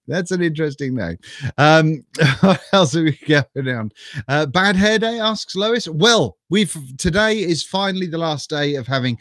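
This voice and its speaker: A middle-aged man hosts a live stream from home, greeting viewers one by one in a chatty, self-mocking way. His voice sits a little high. The webcam sound is dry and close. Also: a bit bright, dry recording. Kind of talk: casual live stream chat.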